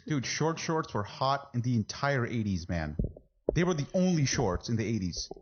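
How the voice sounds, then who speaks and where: A man hosting a casual podcast, relaxed and easily amused. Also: mid-range voice, normal speed, dull audio, soft background music. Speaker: podcast host. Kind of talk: casual chat.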